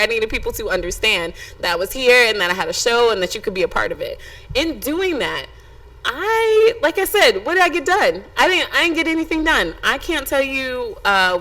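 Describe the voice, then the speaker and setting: A woman's voice: medium pitch, pushed and bright, low-quality recording. A young adult woman hosting a podcast, talking frankly and emotionally straight to her listeners. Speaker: podcast host. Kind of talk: candid podcast monologue.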